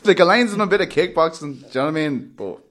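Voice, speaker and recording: A man's voice: fairly high pitch, lively intonation, fast, a bit bright. A young Irish man co-hosting a podcast, chatting casually with lots of fillers and frequent laughter. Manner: rambling, laughs often, peppered with fillers. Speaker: podcast co-host.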